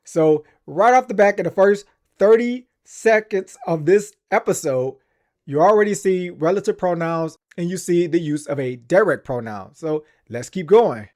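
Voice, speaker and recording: A man's voice: high-pitched, expressive, a little slow, a little mellow. A man hosting a language-learning channel, speaking earnestly and enthusiastically in a casual explanatory vlog.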